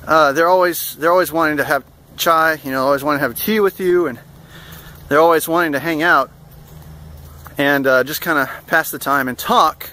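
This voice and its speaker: A man's voice: on the high side, normal speed, sharp tone. A young man casually telling a travel story in a rambling way, with plenty of fillers and amused asides. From United States. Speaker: vlogger.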